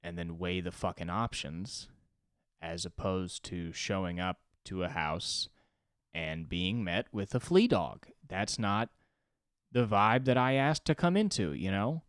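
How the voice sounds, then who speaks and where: Deep-voiced young guy ranting solo on his comedy podcast, cusses a lot, gets loud then mumbles, clean dry sound. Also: animated, moderate pace, dry recording. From Los Angeles. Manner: rambling and profane, swings between loud outbursts and mumbling.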